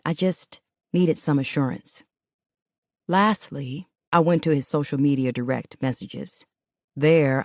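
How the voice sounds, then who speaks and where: A woman with a notably low, deep voice reads a first-person audiobook in an intimate, emotional way. The recording is dry and close, with no room sound. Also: darkish tone, no echo. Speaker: audiobook narrator.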